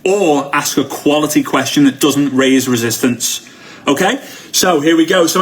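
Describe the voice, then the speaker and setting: A man in his thirties gives a live-streamed sales training talk as a motivational speaker, telling energetic stories and acting out the quotes. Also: fairly high pitch, normal speed, slight background noise. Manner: energetic storyteller who acts out quotes.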